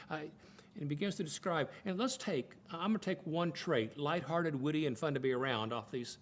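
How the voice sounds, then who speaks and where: Older man teaching, fairly high voice. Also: normal speed, a little hiss or hum. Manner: folksy, repeats words while thinking aloud. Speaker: Bible college teacher. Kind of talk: conversational teaching talk.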